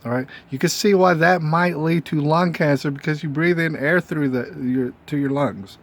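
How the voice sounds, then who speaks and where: A man hosting his own show, talking in a loose, meandering monologue full of fillers and rhetorical "all right?" checks. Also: fairly high pitch. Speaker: host. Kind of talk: casual monologue.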